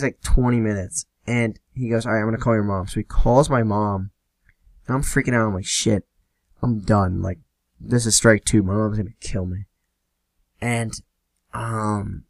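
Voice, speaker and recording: A man's voice: on the low side, no echo. Young man swearing through a story. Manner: profane, animated retelling with quoted dialogue. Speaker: podcast host. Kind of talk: casual solo storytelling.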